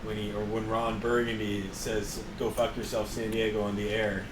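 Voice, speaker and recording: A man's voice: on the low side, little pitch movement, normal speed, background noise. A man co-hosting a podcast in casual chat, laid-back, wrapping up the show. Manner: laid-back, retells film scenes. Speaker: podcast co-host.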